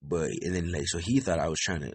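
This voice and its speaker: A young man hosting a podcast, telling a story in a rambling, profane way with lots of fillers and a gravelly, husky voice. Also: low-pitched, fast. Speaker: podcast host. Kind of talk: casual storytelling monologue.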